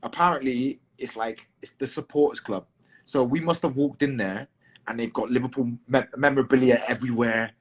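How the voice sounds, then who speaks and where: A husky-voiced man with a London accent chats loosely as an interview guest. He swears casually, restarts his sentences and leans on "um" as he talks. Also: mid-range voice, steady tone, a little fast. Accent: English, London. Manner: chatty, swears, fills with "um" and restarts. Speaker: guest fighter.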